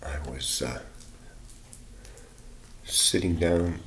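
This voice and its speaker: Very deep-voiced man telling a rambling story. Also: drawn-out words, a crowd in the background. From Canada. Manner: rambling, profane, quotes others in bursts. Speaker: vlogger. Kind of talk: rambling personal account.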